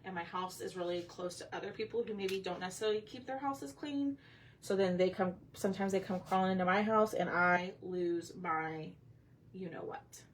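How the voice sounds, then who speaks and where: A woman with a lowish voice chats casually with viewers at a normal pace while painting on her craft livestream. She's a bit off-mic, recorded from a distance, with faint room noise behind her.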